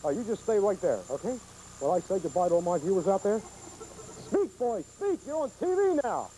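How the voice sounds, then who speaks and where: A man's voice: high-pitched, sing-song, fast, warm tone, a little hiss or hum, rough recording. A man hosting a 1970s TV horror movie show, rambling and chuckling with lots of fillers. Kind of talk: 1970s TV horror host chat.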